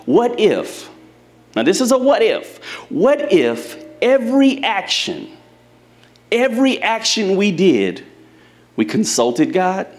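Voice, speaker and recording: A man's voice: high-pitched, huge pitch swings, takes it slowly. A man preaching a sermon to a live congregation in church, speaking to them directly and telling folksy, humorous stories. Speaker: pastor.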